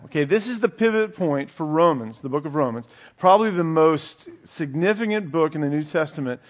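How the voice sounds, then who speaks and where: A man preaching a conversational Bible teaching, checking in with his listeners with a frequent "okay?". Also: fairly high pitch. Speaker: pastor. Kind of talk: sermon.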